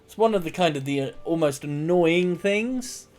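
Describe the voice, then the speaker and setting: A man's voice: fairly high pitch, animated, moderate pace, darkish tone. Chatty man streaming gameplay. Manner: rambling, chatty, self-mocking. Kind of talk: casual gameplay commentary.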